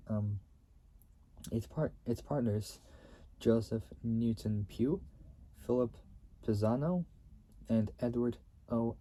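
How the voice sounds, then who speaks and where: A man reads history aloud at a slow, unhurried pace, stumbling and going back over his phrases. His voice is very dark and mellow, with a husky edge. He breaks off now and then to clear his throat. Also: lowish voice. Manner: stumbling reader who repeats and restates phrases. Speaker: channel host reading company history. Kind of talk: halting read-aloud history recap.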